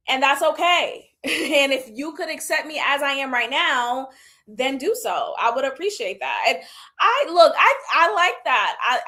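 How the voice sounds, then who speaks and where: A woman in her thirties giving candid, animated commentary on a reality show and laughing often. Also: high-pitched. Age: 30s. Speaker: reality TV reviewer. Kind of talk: casual commentary.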